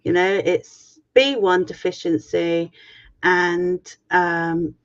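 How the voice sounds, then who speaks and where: A woman's voice: on the low side, level tone, takes it slowly. A middle-aged woman on a video call, frankly and swearily retelling an ordeal in a personal story. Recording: muffled lo-fi stream audio.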